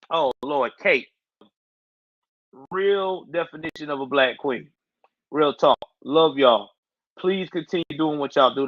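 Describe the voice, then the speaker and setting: A man hosts a casual livestream, chatting in loose slang and responding to his viewers' chat. His voice is a little high, and the recording is both dry and muffled.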